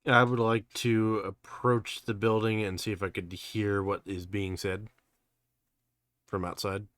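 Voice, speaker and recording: A man's voice: fairly low pitch, flat delivery, unhurried, a bit bright, dry recording. A man playing a tabletop game, talking casually and hesitantly, thinking aloud with fillers. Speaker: player.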